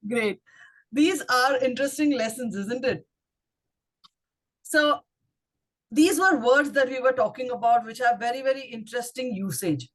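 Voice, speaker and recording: A woman with an Indian English accent walks a speaking club through tricky words. Her voice sits slightly high, and she spells terms out letter by letter before testing the group with questions. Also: measured pace, pauses often, fairly bright tone. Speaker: grammarian at a speaking club meeting. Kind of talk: instructive club talk.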